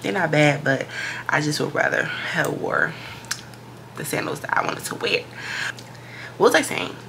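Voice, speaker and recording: Husky-toned chatty pregnant woman vlogger. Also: deep voice, a little slow. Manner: chatty, self-hyping, casual swearing. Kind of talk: casual vlog chat to camera. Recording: noisy background.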